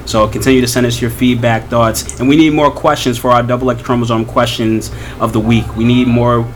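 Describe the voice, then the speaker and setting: A man co-hosting a podcast in casual, animated chat, laughing and teasing his friends. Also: mid-range voice, a little fast, slight background noise. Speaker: podcast co-host.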